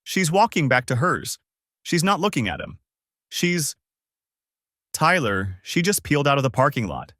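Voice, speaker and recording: A man's voice: a little high, very animated, normal speed, pauses often, no room sound, studio quality, voice pushed up. A man voicing a tense young woman who urgently reports what she sees, in an audiobook. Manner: urgent, hushed play-by-play. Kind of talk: audiobook character voice.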